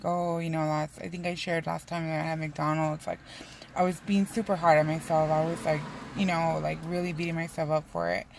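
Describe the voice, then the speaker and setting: A woman's voice: lowish voice, creaky. A young woman talking candidly in a personal vlog, casual with lots of fillers and some swearing. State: tearful, emotional. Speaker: vlogger.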